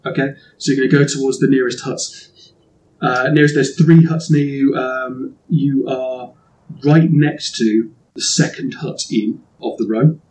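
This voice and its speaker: A man narrating as game master of a tabletop game, rambling with many pauses and fillers. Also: mid-range voice, fairly even intonation, darkish tone, a little hiss or hum. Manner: rambling, hesitant, laughs often.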